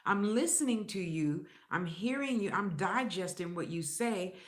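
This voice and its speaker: A woman's voice: mid-range voice, measured pace. Blunt, profane woman vlogger, echoey room. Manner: blunt, profane, rambling and animated. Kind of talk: casual vlog monologue.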